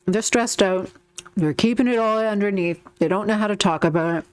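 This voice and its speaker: A woman's voice: mid-range voice, a little fast, smooth, no echo. A woman giving a casual tarot reading, chatty and repetitive, acting out little quotes as she talks. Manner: chatty, repeats herself, acts out quotes. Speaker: tarot reader.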